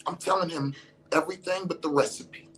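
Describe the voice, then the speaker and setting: A man's voice: on the high side, steady tone, fairly quick, fairly bright tone. A man telling a story in casual slangy speech, cursing freely and acting out what others said. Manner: slangy, profane, acts out the voices of others. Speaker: storyteller recounting an encounter.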